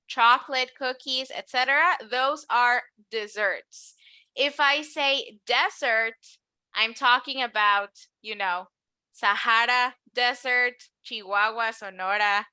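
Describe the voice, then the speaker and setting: Bright-voiced woman teaching English. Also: a little high, no room sound. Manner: clear, patient, switches to Spanish to explain. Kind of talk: online English lesson.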